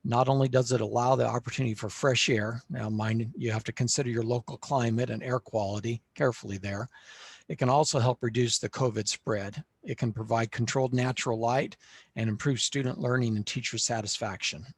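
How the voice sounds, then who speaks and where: A man with a husky voice presents slides to a panel at a steady, measured pace, filling pauses with "uh". The sound is dry and close, with no room around it. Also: medium pitch, no room sound. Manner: measured, with frequent "uh" fillers. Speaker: panelist presenting on school facilities. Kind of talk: webinar presentation.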